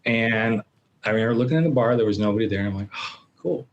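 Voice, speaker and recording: A middle-aged man as a podcast guest, telling a personal story in an animated way and acting out his own inner voices. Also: on the low side, racing, lo-fi sound, a crowd in the background.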